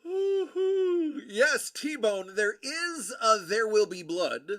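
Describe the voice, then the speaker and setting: A man hosting a livestream, greeting viewers by name and rambling through his thoughts with plenty of fillers. His voice is bright and slightly high, with a lively, bouncing pitch at an unhurried pace. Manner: rambling and friendly, with many fillers and shout-outs. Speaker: livestream host. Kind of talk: casual chat with viewers.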